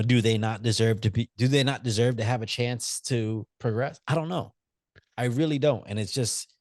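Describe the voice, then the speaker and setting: A man's voice: on the low side, darkish tone, no room sound, clean studio sound. A man co-hosting a casual movie podcast, loose and profane, teasing his friend and musing aloud with restarts. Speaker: podcast co-host. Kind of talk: casual movie-review chat.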